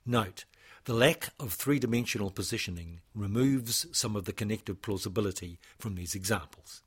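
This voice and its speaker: A man, a composer, presenting his own work in a measured, formal, read-out lecture. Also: on the low side, breathy edge.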